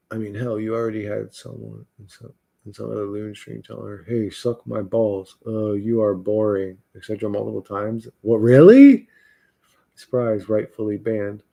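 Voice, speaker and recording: A man hosts his livestream in a dark, mellow voice of middling pitch. He talks bluntly and swears freely. His speech rambles and often restarts mid-thought. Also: gravelly. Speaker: livestream host. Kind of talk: rambling casual livestream chat.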